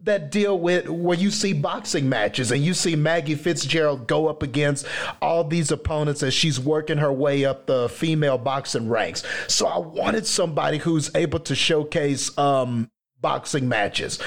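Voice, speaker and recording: A man's voice: a little high, expressive, measured pace. Hesitant man laying out his picks. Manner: hesitant, full of fillers and restarts. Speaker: podcast co-host. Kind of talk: casual chat.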